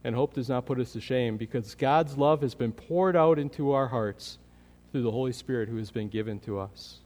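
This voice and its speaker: A man preaching a sermon as pastor, earnest, building in energy and then dropping to a quiet, prayerful tone. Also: medium pitch, moderate pace. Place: church sanctuary. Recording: long hall reverb.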